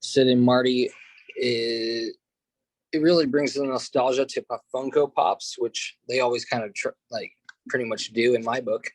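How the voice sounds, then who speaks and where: A man co-hosting a podcast, relaxed and halting with many pauses and uhs. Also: medium pitch, dry recording, rough recording. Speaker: podcast co-host. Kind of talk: casual chat.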